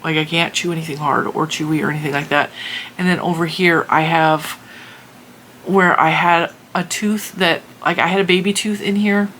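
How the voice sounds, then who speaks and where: A middle-aged woman hosting her crafting channel, telling a story casually with animated exasperation. Her voice has a bright edge. Faint noise hums behind her. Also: low-pitched, normal speed. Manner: animated, exasperated retelling with laughs.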